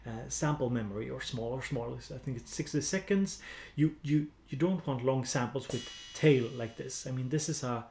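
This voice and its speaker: A man's voice: medium pitch, normal speed, vocal fry, a little mellow, reverberant. A man with a Swedish accent chatting casually on a music-production live stream, rambling with lots of fillers and restarts while he edits samples. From Sweden.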